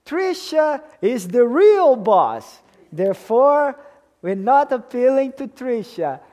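A man's voice: extremely high pitch, very animated, slow, mellow. A man preaching a sermon to a congregation in an emphatic way, often checking in with them by asking questions. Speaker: pastor.

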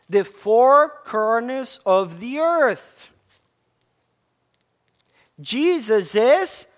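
A preacher delivering a sermon, stressing and repeating key words and asking the congregation questions. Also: mid-range voice. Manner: emphatic, repeats key words, addresses listeners as church.

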